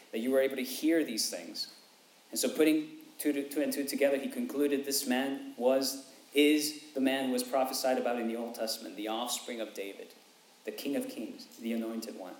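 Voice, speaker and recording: A man preaching a sermon in an earnest way, checking in with his listeners by asking "okay?" and "right?", and rising sharply in voice when he quotes a cry for mercy. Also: medium pitch. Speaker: pastor. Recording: echoey room with faint background noise.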